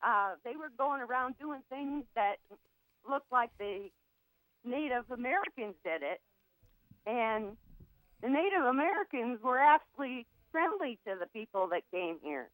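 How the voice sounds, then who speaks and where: A woman's voice: a little high, lively intonation, unhurried, fairly bright tone, no echo, low-quality recording. A woman from Michigan calling in to a talk show, opinionated and meandering. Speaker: caller. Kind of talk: call-in talk radio.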